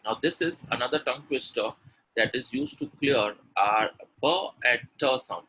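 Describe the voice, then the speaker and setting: A man with a medium-pitched voice and an Indian English accent teaches pronunciation in a live webinar at normal speed. As an energetic spoken English trainer, he repeats words, drills sounds aloud, and coaxes chat replies, all on a low-quality recording with a little hiss or hum.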